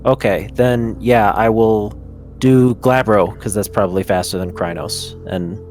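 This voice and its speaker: A man's voice: lowish voice, measured pace, darkish tone, soft background music. A man taking part as a player in a tabletop role-playing game, chatty and eager, laughing easily. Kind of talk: casual tabletop role-play.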